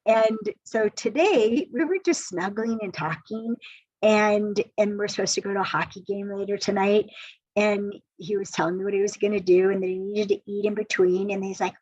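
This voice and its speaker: A woman hosting a live relationship Q&A, telling a personal story in a chatty, animated way with asides to viewers. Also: mid-range voice, unhurried, no room sound. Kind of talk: casual live-stream storytelling. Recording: dull lo-fi stream audio.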